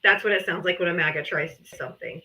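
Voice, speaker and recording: A woman's voice: on the low side, fast talker, bright, forceful tone, rough recording. A woman hosting a live debate stream, talking in a mocking, profane and exasperated way. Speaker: livestream host. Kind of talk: heated live debate chat.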